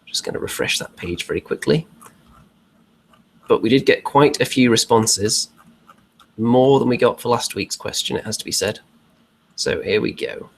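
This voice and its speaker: A man's voice: mid-range voice, expressive, moderate pace, vocal fry, long pauses. A man co-hosting a casual online chat show, talking in a chatty way with rhetorical asides. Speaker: podcast co-host.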